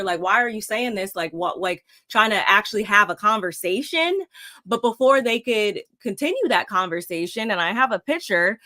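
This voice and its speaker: A woman casually recapping a reality TV episode, acting out the cast's lines as she goes. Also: a little high. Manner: animated, acts out quotes. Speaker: recap show co-host.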